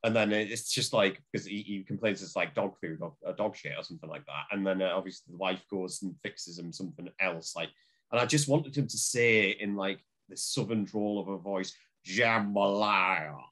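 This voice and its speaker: A man co-hosting a podcast, chatting loosely about films. He rambles and halts, with lots of fillers and restarts. His voice sits on the low side. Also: fairly bright tone. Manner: rambling, halting, many fillers. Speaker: podcast co-host. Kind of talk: casual film discussion.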